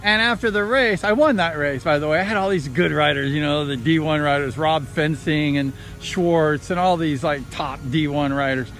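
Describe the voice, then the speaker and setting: Brief: older man from Southern California, high voice, rambling excited storyteller, faint music behind. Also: normal speed, few pauses. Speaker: vlogger recounting racing days. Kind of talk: casual storytelling.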